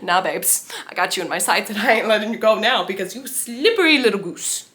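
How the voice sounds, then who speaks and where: A woman's voice: medium pitch, expressive, fairly quick, a bit bright, lightly acted. A woman voicing a cocky young male hunter, teasing and smug, with a lazy drawl, in a casual book-talk vlog.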